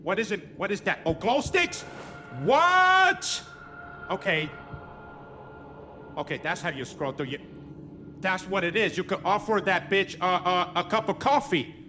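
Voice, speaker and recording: A young man giving loud, profane, panicky commentary while playing a horror game. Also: sits high, sing-song, a little slow, pauses often, faint music behind. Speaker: gamer streamer.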